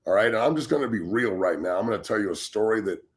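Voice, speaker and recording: A man's voice: on the low side, expressive, quick pace. Blunt, profane man ranting on a talk show. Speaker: podcast co-host, former pro football player. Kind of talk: heated casual talk show rant.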